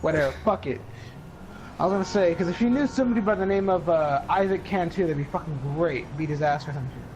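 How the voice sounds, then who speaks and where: A teenage boy rambling through a casual, profane story, often mimicking other people in a higher voice. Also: fast talker, background noise. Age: teens. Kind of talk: casual chat.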